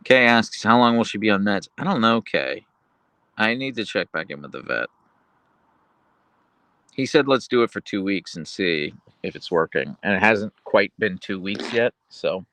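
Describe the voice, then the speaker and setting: A man hosting a casual livestream, reading viewer comments aloud and chatting about his dogs, slipping into a high cooing voice for his pet. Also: expressive, moderate pace, pushed and bright, no room sound. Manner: goes high and cooing when talking to his dog. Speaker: livestream host.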